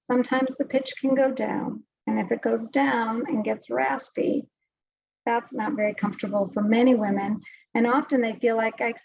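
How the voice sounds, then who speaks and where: A woman's voice: fairly high pitch, darkish tone, no room sound. Woman voice specialist for a health talk, explaining patiently, recorded dry over a video call. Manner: clear explanatory, patient-focused. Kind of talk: health webinar presentation. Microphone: video call microphone. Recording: dry, slightly dull audio.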